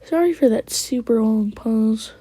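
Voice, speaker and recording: Soft-voiced woman rambling through a story. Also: on the high side, a little slow, slightly rough, no echo. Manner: rambling, quoting characters with "he's like"; often drops into a whisper. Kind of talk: casual fan story retelling.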